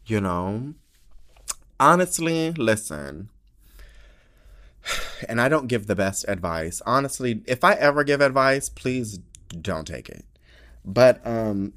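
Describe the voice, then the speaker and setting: A man hosting a podcast in casual chat, expressive and profane, with many filler "likes". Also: fairly low pitch. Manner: expressive, profane, heavy use of "like". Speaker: podcast host.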